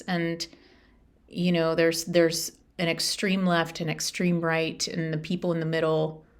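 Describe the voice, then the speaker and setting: A woman's voice: fairly low pitch, creaky. A middle-aged woman life coach hosting a solo podcast, talking in an earnest, heartfelt way with lots of repetition. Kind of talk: reflective solo podcast talk.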